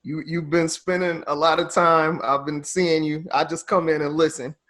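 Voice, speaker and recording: A man hosting a podcast interview, laid-back, chiming in with quick agreement and frequent laughs. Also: on the high side, little pitch movement, a bit bright. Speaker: podcast host. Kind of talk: casual interview chat.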